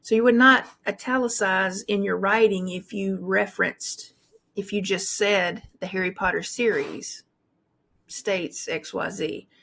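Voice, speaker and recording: A woman's voice: mid-range voice, fairly even intonation, unhurried, creaky, fairly bright tone. A woman instructor explaining formatting rules in a recorded tutorial, talking through examples with frequent fillers and restarts.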